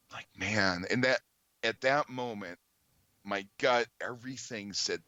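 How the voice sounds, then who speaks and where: Low-voiced man telling a story. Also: sharp tone, no echo, highs cut off. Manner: earnest, halting with many ums and restarts. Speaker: podcast guest. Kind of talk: storytelling in conversation.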